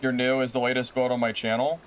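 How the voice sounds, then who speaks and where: A man streaming a game live, chatting with viewers in an animated, exasperated way with sudden exclamations. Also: smooth. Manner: animated and exasperated, quick exclamations with big pitch jumps. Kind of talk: live gameplay stream chat.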